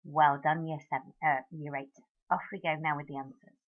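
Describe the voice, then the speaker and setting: A woman French teacher talking her class through marking answers in a recorded lesson, modelling each French word clearly. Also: deep voice, fairly even intonation, a little fast, phone-quality sound.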